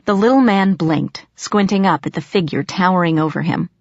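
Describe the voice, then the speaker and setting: Lower-pitched woman narrating an audiobook. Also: no room sound. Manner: steady, measured storytelling. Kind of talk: first-person audiobook narration. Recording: slightly muffled dry recording.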